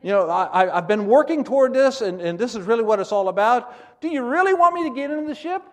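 A man preacher voicing an excited, ambitious male disciple who pleads with his master. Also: very high voice, fast talker. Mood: pleading.

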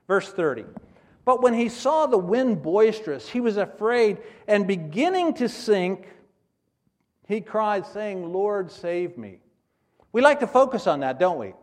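A middle-aged man preaching a missionary sermon, his fairly high voice swinging widely in pitch. He acts out prayers and climbs into loud, emphatic exclaims. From United States.

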